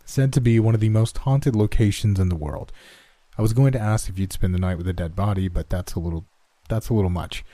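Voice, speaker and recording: Brief: male horror podcast host, dark mellow voice, dry close sound, casual and hesitant. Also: lowish voice, a little fast, dry recording. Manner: casual, hesitant, searching for words. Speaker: podcast host, story reader. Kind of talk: horror story narration and casual chat.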